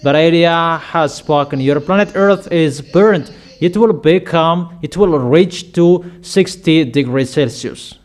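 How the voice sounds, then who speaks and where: A man preaching in a slightly raised voice, laying down each statement slowly and firmly. He repeats key lines for emphasis and keeps a deliberate, measured pace throughout his sermon. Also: a little high. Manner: slow, emphatic declarations with frequent repetition.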